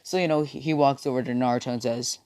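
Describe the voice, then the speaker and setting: A man's voice: mid-range voice, fairly even intonation, fast talker, darkish tone, smooth, dry recording, studio quality. Rambling young man telling a fan story. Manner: casual, many fillers. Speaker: video creator.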